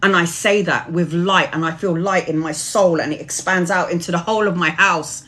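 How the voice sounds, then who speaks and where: A woman's voice: on the low side, fairly even intonation, normal speed, bright, forceful tone. A woman tarot reader giving a casual spiritual monologue, preachy and swearing freely.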